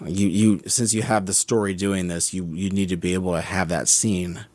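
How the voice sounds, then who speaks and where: Low-voiced man musing over a film. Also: little pitch movement, normal speed, darkish tone, no room sound. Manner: musing, self-correcting, critical. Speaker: podcast co-host. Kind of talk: casual film discussion.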